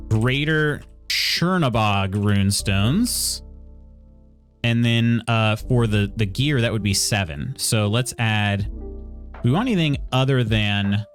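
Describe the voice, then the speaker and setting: A man streaming a video game live, chatting casually and thinking aloud with lots of fillers and questions to himself. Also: mid-range voice. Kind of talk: casual live-stream chat while playing.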